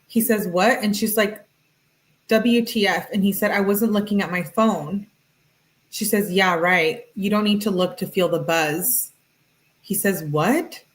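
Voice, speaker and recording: A woman's voice: medium pitch, poor audio. Woman casually reading out text messages. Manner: reads flatly with "she says, he says" tags and asides. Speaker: true-crime channel host.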